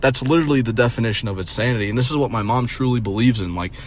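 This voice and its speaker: A man's voice: medium pitch, very fast. A young man in his twenties tells a story like a casual rant. He is profane and rambling, with lots of fillers and restarts. His mid-range voice carries a mocking, disbelieving edge, over faint background noise. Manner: incredulous and mocking. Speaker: streamer.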